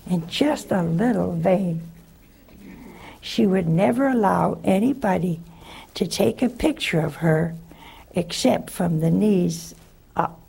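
A religious sister answering a caller on a call-in show, telling stories in a folksy, chuckling way. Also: female voice, fairly low pitch, slow, creaky, pauses often, a crowd in the background. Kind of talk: call-in advice with storytelling.

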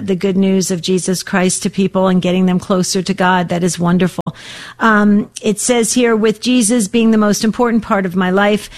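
An older woman hosting a Catholic call-in radio program, talking in a warm, emotional way with many fillers and restarts. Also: mid-range voice.

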